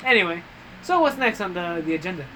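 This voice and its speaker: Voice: medium pitch, big pitch swings, fast talker, sharp tone, faint music behind, low-quality recording. A friend in a casual chat who keeps reacting with short questions and exclamations while playing a game. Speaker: friend in the conversation.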